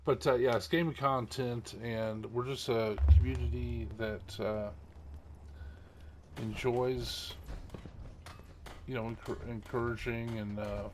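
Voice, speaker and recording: A man's voice: mid-range voice, flat delivery, slow pace, pauses often, a little hiss or hum. A middle-aged man hosting a gaming channel, chatting casually over gameplay in a rambling way, with many fillers and chuckles.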